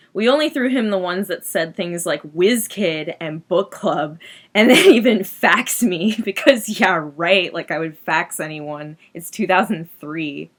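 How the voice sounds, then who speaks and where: A woman's voice: lowish voice, fairly bright tone. A woman voicing a melodramatic eighth-grade goth girl who narrates her diary in a giggly, overdramatic way, full of "like". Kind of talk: comic teen diary monologue.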